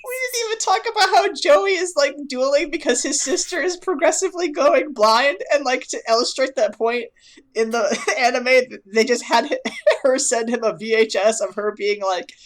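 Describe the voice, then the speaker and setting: A woman's voice: high-pitched, moderate pace, a little hiss or hum. Chatty woman co-hosting a podcast. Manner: chatty, laughing, lots of "like". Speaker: podcast co-host. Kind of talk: casual chat.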